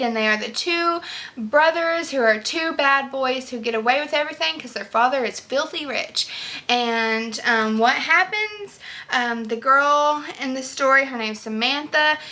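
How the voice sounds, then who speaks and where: A woman's voice: on the high side, sharp tone. A young woman vlogging casual, enthusiastic book reviews, chatty with many fillers and restarts.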